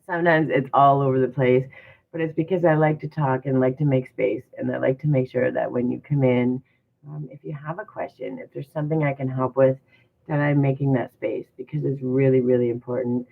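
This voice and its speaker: A motivational livestream host talks in an encouraging, repetitive way, circling back to the same rhetorical questions. The voice sits at a mid pitch. The sound is thin and phone-like. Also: steady tone, a little fast, vocal fry. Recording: tinny phone-like audio.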